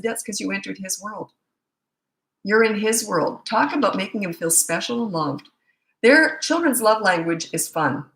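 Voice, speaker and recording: A woman's voice: on the low side, fairly bright tone, roomy sound. A middle-aged woman coaching parents in a rambling, chatty live Q&A with many asides. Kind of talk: casual live Q&A.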